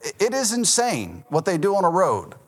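A man's voice: sits high, wildly swooping pitch, normal speed. A man in his thirties, a pastor with a Southern American accent, preaching in a conversational sermon, correcting himself and laughing at his own stories.

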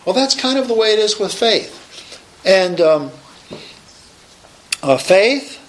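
A man's voice: high voice, very animated, slow pace, echoey room, poor audio. A man preaching a sermon, emphatic and raising his voice to proclaim his points.

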